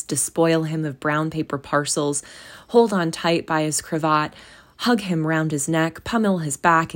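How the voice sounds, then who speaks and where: A woman with a notably low voice reads a classic novel aloud. Her delivery is measured and expressive, and she closes with casual, friendly chat to her listeners. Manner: measured, expressive reading, casual warm sign-off. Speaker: audiobook reader.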